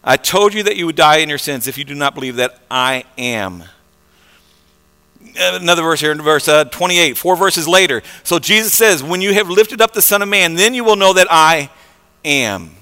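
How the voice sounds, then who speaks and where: A pastor preaching a conversational sermon, repeating words and swinging between soft and loud passages. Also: male voice, a little high, animated, moderate pace, smooth, big-room sound.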